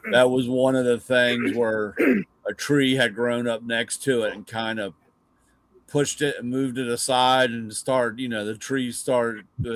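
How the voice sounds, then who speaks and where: Rambling middle-aged man telling car stories. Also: mid-range voice. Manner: rambling anecdotes, swears, acts out his dad's lines. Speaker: car show host. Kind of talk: casual storytelling on a live show.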